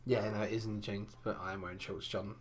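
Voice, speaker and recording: A man's voice: fairly low pitch, little pitch movement, quick pace, crowd noise. Young guy on a podcast, swears a lot, rambles through stories, full of ums. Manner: crude, rambling storyteller with lots of fillers. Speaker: podcast co-host. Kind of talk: casual chat.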